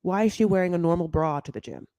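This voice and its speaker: This reality show recap comes from a woman who is gossipy, casual and full of filler words, addressing listeners as "honey." She speaks fast and expressively in a fairly low, warm voice with gravelly fry, and there's no room sound.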